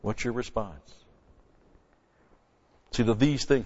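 A man preaching an expository sermon from a Bible passage, emphatic, with loud stressed words and quiet asides. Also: low-pitched, a little slow. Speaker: pastor. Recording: lo-fi recording with long hall reverb.

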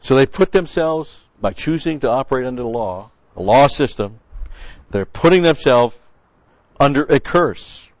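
A male Bible teacher working through a passage word by word, hammering home key points by repeating them. His voice sits at a middling pitch. The recording is dull and lo-fi, with a dry, close sound. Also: expressive, moderate pace, dry recording. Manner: emphatic, repeats key words for stress; explains original-language grammar. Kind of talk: verse-by-verse sermon teaching.

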